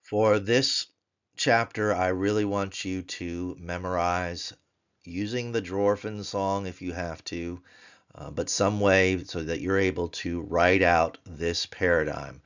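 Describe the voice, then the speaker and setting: A man teaching Biblical Hebrew grammar in a recorded lesson, explaining slowly and chanting word forms in a sing-song voice. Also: low voice, steady tone, fairly bright tone, clean tone, highs cut off. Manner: slow, deliberate explanations.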